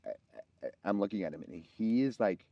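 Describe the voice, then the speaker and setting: A man co-hosting a podcast, telling a personal story in casual chat, often halting and restarting mid-sentence. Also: on the low side, sing-song, creaky, dull audio.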